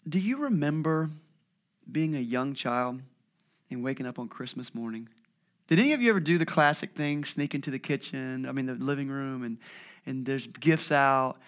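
Male pastor in his thirties, slightly high voice, animated storyteller who goes quiet for serious moments. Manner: drops to a hushed voice on heavy points. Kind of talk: sermon.

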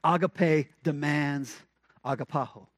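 A pastor preaching a conversational sermon, with emphatic repeated refrains and rhetorical questions. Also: male voice, on the high side, takes it slowly, no room sound.

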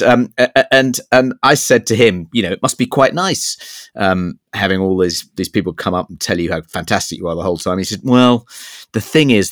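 A podcast co-host with a lowish voice tells rambling, self-deprecating anecdotes in casual chat, stammering and restarting a lot. The recording is dry, with clean studio sound.

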